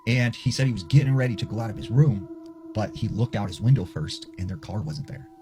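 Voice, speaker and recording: A man with a lowish voice briskly tells a spooky story over background music. He's chatty and loose, his casual ghost story packed with filler words.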